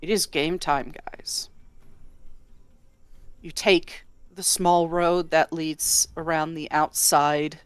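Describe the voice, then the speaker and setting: Woman game master for an online tabletop campaign, low voice, dry close sound, casual and blunt. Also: little pitch movement, slow pace, clean tone, no room sound.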